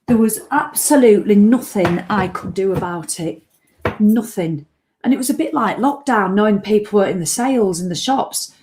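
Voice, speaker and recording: Woman vlogging to camera, rambly and emotional, middle pitch. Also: normal speed, noisy background. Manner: rambling, emotional, acts out her own anxious thoughts. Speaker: online business owner and vlogger. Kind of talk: casual reflective talk to camera.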